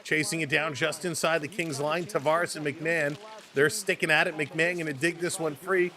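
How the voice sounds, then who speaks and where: A man with a Canadian accent calling a hockey game on a livestream, fast and excitable, greeting chat viewers between plays. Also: on the high side. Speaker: play-by-play host. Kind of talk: livestream sports commentary.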